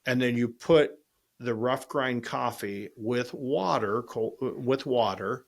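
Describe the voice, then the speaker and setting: A man hosting a podcast, telling a long story in a casual, animated way and acting out both sides of the conversation. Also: medium pitch, slow pace, vocal fry. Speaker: podcast host and restaurant owner.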